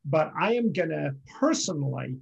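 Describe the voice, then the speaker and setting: A man with a gravelly, husky voice explains his work in an earnest, thoughtful way. His voice sits a little high. The recording sounds dull and lo-fi. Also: sing-song, normal speed. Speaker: acrobatic performer. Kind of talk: reflective conversation.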